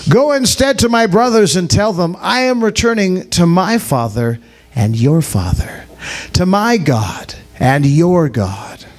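A man voicing Jesus in a dramatized scripture reading, speaking in a solemn, measured way. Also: sits high, expressive. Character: Jesus, calm grown man teacher.

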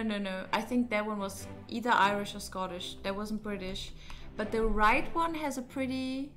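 A woman's voice: mid-range voice, fairly bright tone. A woman streaming a puzzle game, thinking aloud in a hesitant, casual way, with fillers as she works things out. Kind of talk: casual let's-play commentary.

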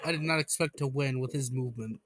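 A young man giving casual, excitable gameplay commentary who swears and breaks into high panicked yelling. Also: fast, dry recording, rough recording. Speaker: gaming YouTuber.

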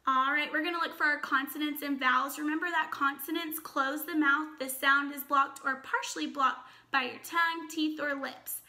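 A woman teaching a children's phonics lesson, upbeat and encouraging, sounding out words slowly and clearly. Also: high-pitched, fairly even intonation, pushed and bright.

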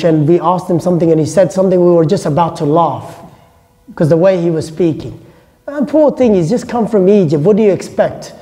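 Speaking at a normal pace in a high, mellow voice, this Islamic lecturer keeps his classroom talk casual and full of jokes and informal asides. English is his first language. A long reverb from the hall lingers on his words.

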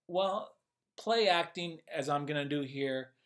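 A man's voice: a little high, measured pace, a bit bright. A man as a communication coach, explaining in an upbeat, conversational way and thinking aloud as he goes. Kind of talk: casual instructional video.

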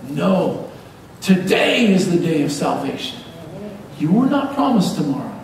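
A man preaching a sermon as pastor, lively and joking as he urges the congregation on. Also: on the high side, unhurried, creaky. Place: church sanctuary. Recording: echoey hall from far off, faint hiss.

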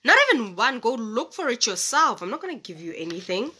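A woman's voice: fairly high pitch, big pitch swings, a little fast, pushed and bright, husky, exaggerated voice. A woman doing a smug, impatient trickster rabbit. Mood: irritated. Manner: impatient, dismissive.

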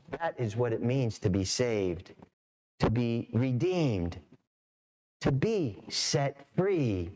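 Man, pastor, church sermon, very expressive pitch, slow delivery, acts out voices. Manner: animated storytelling, acts out voices. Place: church sanctuary.

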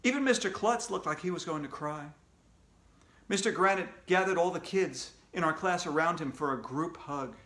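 A middle-aged man reading a children's book aloud, lively and animated, with higher voices for the characters. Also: normal speed. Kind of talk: read-aloud storytelling. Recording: echoey room.

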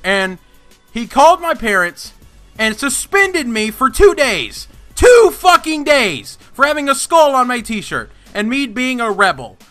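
A man's voice: very high voice, a little slow, faint music behind. A young man hosting a gaming channel, telling a story in an indignant, swearing rant. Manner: animated, indignant ranting with heavy swearing. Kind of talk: storytime vlog over gameplay.

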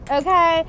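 A woman plays a spoiled fashion stylist, self-absorbed and foul-mouthed, whining about everything. The voice sits fairly high. It is an improvised comedy sketch. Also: a little hiss or hum, close to an everyday voice. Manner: self-absorbed, swearing, whiny. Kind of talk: improvised character audition.

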